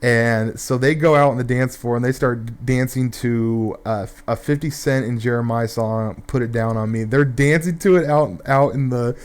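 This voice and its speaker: A man's voice: mid-range voice, normal speed, few pauses, smooth. Rambling, foul-mouthed young man. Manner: rambling, profane, many fillers and restarts. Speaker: gameplay commentator. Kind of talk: casual storytelling over gameplay.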